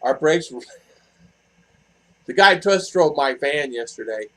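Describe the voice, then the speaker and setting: A man's voice: medium pitch, expressive, takes it slowly, a bit bright, poor audio. An older man hosting a casual live stream from his home, reading chat messages and telling stories in a blunt, rambling way, repeating himself. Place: home in the Philippines.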